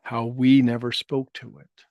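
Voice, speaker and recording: Slow, gentle man guiding a meditation. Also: medium pitch, level tone, no echo, muffled recording. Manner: slow, gentle, repeats each affirmation in trailing soft phrases. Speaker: meditation leader. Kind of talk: guided meditation with spoken affirmations.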